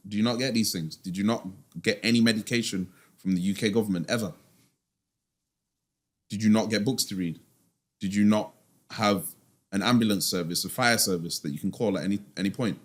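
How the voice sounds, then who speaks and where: Man, lowish voice, emphatic, slangy, rhetorical questions, podcast guest. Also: normal speed, pauses often. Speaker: guest, finance expert. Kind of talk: casual podcast interview.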